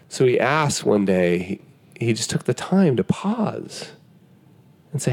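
A man as a podcast guest, explaining ideas in casual conversation and telling an animated story, acting out what people said, often restarting his sentences. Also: medium pitch, unhurried.

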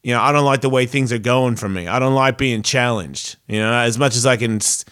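A man's voice: mid-range voice, brisk, fairly bright tone. Male podcast host, casual monologue: rambling, foul-mouthed, introspective, frequent false starts. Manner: rambling, profane, self-reflective, restarts often.

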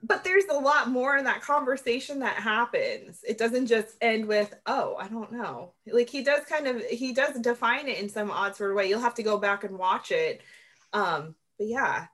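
Brief: woman podcast co-host, slightly high voice, chatty scene-by-scene recapper. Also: moderate pace, a bit bright. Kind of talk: casual movie discussion.

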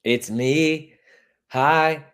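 This sports radio host is a Chicago man running a casual talk show, cursing freely and pushing strong opinions in a profane, animated way. His voice is fairly high and smooth, and he speaks extremely slowly.

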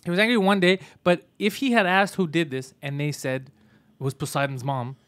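A man's voice: a little high, steady tone, a little fast, a bit bright. A man hosting a comedy podcast, bantering in a joking, profane way and laughing often. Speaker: podcast host.

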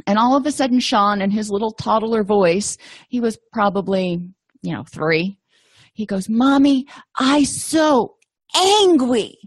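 A woman's voice: medium pitch, no room sound. Woman, middle-aged, mid-range voice, conversational lecture, anecdotal, lots of ums, dry close recording. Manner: conversational, anecdotal, frequent fillers. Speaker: presenter of a continuing-education lecture.

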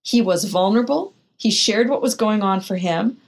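A woman's voice: mid-range voice, moderate pace. An older woman, a podcast guest and author, telling frank, vivid anecdotes in an interview. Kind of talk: candid interview storytelling.

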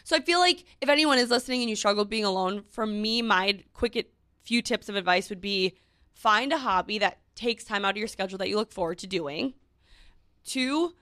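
A woman's voice: medium pitch, fairly bright tone, no room sound, studio quality. A young woman co-hosting a podcast, chatting casually and giving loose, rambling tips. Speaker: podcast co-host. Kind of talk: casual chat.

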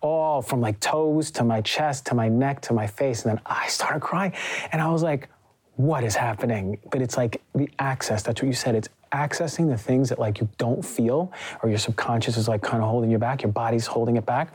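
A man's voice: mid-range voice, fairly quick, hardly any pauses, a little mellow. A young man hosting a podcast, telling a story animatedly with lots of fillers and acted-out quotes. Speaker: podcast host. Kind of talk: casual conversation.

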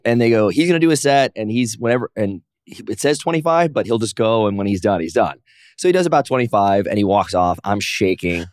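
In a studio-quality clip with no room sound, a mid-range male voice belongs to a professional wrestler and comic sitting in as a guest. He tells stories casually and with animation, acting out quotes in raised voices.

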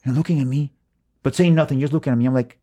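A middle-aged man with a Mexican accent spins his stories in a mid-range voice, jumping up in pitch whenever he acts out what someone said. He swears freely and talks with lots of expression, a guest in a relaxed conversation. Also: rapid-fire. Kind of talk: animated storytelling in conversation.

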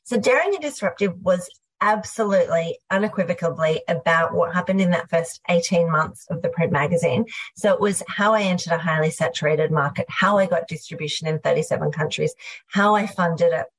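A middle-aged Australian woman, a guest entrepreneur, tells her story in a lively, fast conversational way, full of "like" and asides. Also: on the low side. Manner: animated, fast, filler-heavy, uses "like" often.

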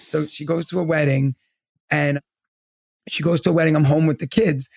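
Male podcast co-host, 30s, gravelly and a bit high, rambling storyteller, dry close mic. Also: moderate pace, no echo. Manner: rambling, animated anecdote teller with many fillers. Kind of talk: casual storytelling.

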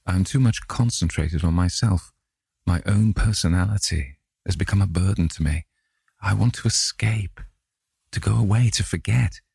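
A man voicing a nervous, haunted young gentleman who stammers anxiously in a read-aloud classic novel. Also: sits low, vocal fry, breathy edge, no echo, clean studio sound, heavily acted. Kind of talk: audiobook character reading.

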